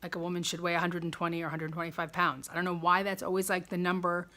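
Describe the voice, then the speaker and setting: A woman's voice: lowish voice, little pitch movement, fast, bright, forceful tone. A woman in her fifties talking casually in a personal video diary at home, chatty and rambling, often laughing at herself. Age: 50s. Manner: chatty, rambling, self-deprecating. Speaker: vlogger.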